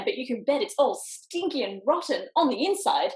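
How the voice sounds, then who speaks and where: A woman's voice: high voice, big pitch swings, moderate pace, darkish tone, reverberant. A woman reading a picture book aloud to children over a video call, switching between character voices. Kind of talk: storytime read-aloud.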